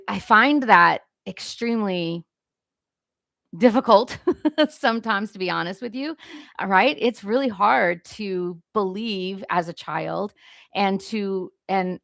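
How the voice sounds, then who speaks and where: A woman's voice: mid-range voice, creaky, fairly bright tone, no echo, studio quality. An older woman giving an informal devotional teaching, conversational and often checking in with her listeners. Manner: conversational, self-correcting, asks "right?" often. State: briefly choked up. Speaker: Christian leadership teacher.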